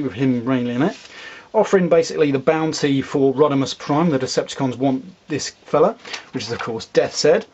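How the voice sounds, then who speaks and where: A man's voice: mid-range voice, highs cut off. Man rambling through a comic review. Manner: rambling, with fillers and asides. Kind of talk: casual video review.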